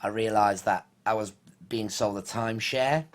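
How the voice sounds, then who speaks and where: A man's voice: fairly low pitch, normal speed. A man co-hosting a podcast, chatting casually and telling jokey stories with little put-on voices. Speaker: podcast co-host. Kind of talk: casual chat.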